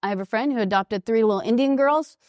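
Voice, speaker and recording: Lively East Texas woman giving a talk. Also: on the high side, fast talker, no echo, clean studio sound. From United States. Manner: lively storyteller who acts out quoted voices. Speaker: speaker at an international school. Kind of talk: presentation talk to an audience.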